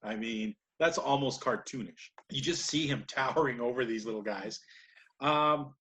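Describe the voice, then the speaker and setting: A man's voice: medium pitch, normal speed, fairly bright tone. A man co-hosting a podcast, recapping wrestling matches in casual, rambling chat and laughing often. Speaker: podcast co-host.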